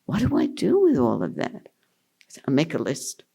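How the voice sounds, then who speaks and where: An older woman teaching at a retreat, answering questions in an unhurried, amused way and laughing often. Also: a bass voice, wildly swooping pitch, vocal fry, warm tone, husky. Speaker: spiritual teacher.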